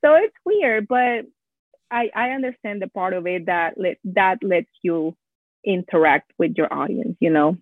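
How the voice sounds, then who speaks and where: A young woman with a Spanish accent chats quickly and animatedly, often acting out her own thoughts. Her voice is husky and comes through a narrow, phone-like line. The sound is dry, with no room around it. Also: medium pitch, no room sound. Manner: fast, animated, lots of "like" and quoting herself. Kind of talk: casual conversation. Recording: thin phone-like call audio, dry and husky.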